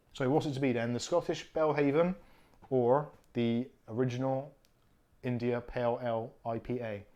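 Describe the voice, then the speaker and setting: A man hosting a casual live stream who jokes and thinks out loud while he unpacks gear. He gives blunt, opinionated asides as he goes. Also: mid-range voice, fairly even intonation, normal speed. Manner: chatty, jokey, thinks aloud while unpacking.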